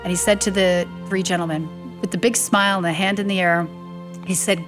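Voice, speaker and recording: A woman's voice: mid-range voice, brisk, over music. A woman telling a family story, acting out the voices of the people she quotes. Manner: lively storyteller who acts out quoted voices. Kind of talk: anecdotal storytelling.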